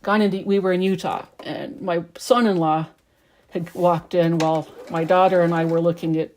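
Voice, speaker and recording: A woman's voice: lowish voice, fairly even intonation, moderate pace, a little mellow. A middle-aged woman quilter chatting casually and rambling as she sews at home. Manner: rambling, chatty, talks while working. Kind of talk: casual chat while sewing.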